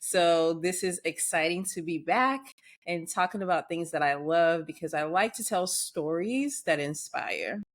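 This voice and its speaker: A woman from Nigeria with a Nigerian accent, a surgeon guest telling her story in a podcast interview with quick, animated delivery and frequent fillers. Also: on the low side.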